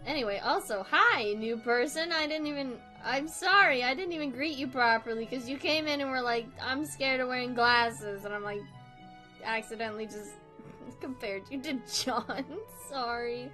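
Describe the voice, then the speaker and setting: A woman with a high voice livestreams herself drawing, talking at normal speed in a pushed, bright tone over soft background music. She chats casually with viewers, giggly and rambling, often laughing at herself.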